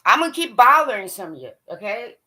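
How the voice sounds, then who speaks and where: High, bright-voiced woman ranting. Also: very animated, fast talker. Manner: blunt, profane, scolding. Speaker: hockey fan vlogger. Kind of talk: ranting monologue to camera.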